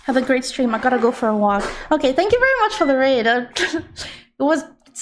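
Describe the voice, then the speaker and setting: Young woman, live-stream chatter; excitable and giggly, slightly high voice, faint room noise. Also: a little fast. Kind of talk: casual live-stream chat.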